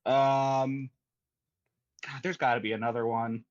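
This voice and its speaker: A man's voice: medium pitch, a little slow, dry recording, muffled recording. A man appearing as a podcast guest in casual chat, making wry short comments. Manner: lively, wry short interjections.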